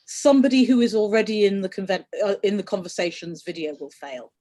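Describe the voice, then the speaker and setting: A woman talks on an online panel in a chatty, teasing and opinionated way. Her voice is mid-pitched and ordinary, coming over a video call. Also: quick pace, hardly any pauses, mellow.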